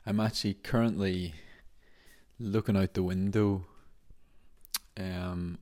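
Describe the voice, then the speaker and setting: A man's voice: low-pitched, steady tone, takes it slowly, pauses often, dark tone. A young adult man who runs marathons, talking casually and ramblingly with many fillers while in an apartment. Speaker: marathon runner. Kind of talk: casual vlog monologue. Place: apartment indoors.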